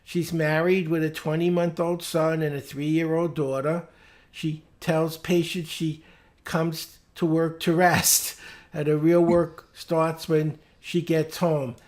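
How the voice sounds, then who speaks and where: A woman's voice: low-pitched, little pitch movement, slow pace, a little mellow. A woman leading a small club's business meeting over a video call, talking informally and hesitantly as she checks her calendar aloud. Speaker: club meeting leader.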